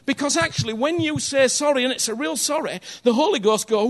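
A man's voice: very high-pitched, fairly quick. A man preaching a sermon in a conversational, earnest way, often checking in with his listeners and repeating phrases for emphasis.

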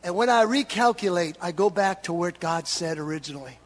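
A male pastor preaching a sermon, storytelling and swinging between loud exhortation and hushed confession. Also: sits high, lively intonation, a little fast. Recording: reverberant hall.

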